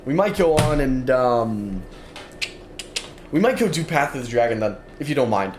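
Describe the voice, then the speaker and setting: A man's medium-pitched, sing-song voice moves at normal speed as he streams a game from his gaming desk with monitors. Tired and yawning, he offers casual, self-deprecating let's-play chatter full of repeated phrases. The audio is roomy with noise behind it.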